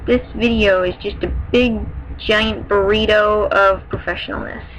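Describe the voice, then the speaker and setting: A woman's voice: mid-range voice, a bit bright, slight background noise, rough recording. A woman reading fan fiction aloud in a dramatic way, breaking off now and then for wry, joking asides. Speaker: fanfiction reader.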